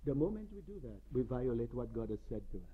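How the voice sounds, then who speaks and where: A man's voice: mid-range voice, very animated, fast talker, slightly rough, phone-quality sound. A man preaching a sermon, telling stories dramatically and with emphasis.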